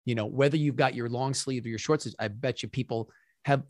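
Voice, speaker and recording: A man hosting an interview, chatting casually and telling lively stories full of fillers. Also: medium pitch, brisk, dry recording, studio quality. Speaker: podcast host.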